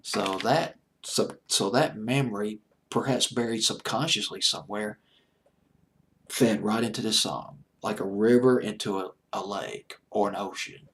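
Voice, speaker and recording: A man hosting a music show late at night, talking eagerly and rambling, sometimes dropping to a hushed near-whisper. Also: on the low side, measured pace, breathy edge. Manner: enthusiastic, rambling, drops to a hushed near-whisper when gushing. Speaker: deejay host.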